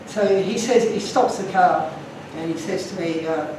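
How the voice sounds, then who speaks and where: A man's voice: high voice, unhurried, very echoey, far from the mic, noisy background. A man giving an earnest, emotional talk to an audience, telling stories from his slides. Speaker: guest speaker.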